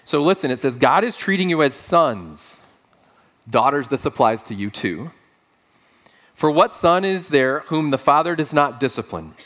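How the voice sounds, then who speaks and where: A man preaching a sermon to a congregation, rising and falling sharply in pitch, with humorous stories told in deadpan quoted lines. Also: moderate pace. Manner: lively preaching with sudden pitch leaps and quiet asides. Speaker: pastor.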